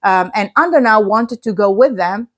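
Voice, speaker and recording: A woman book vlogger talking through a spoiler review in casual chat, gushing and excitable, with many fillers and restarts. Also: mid-range voice, moderate pace.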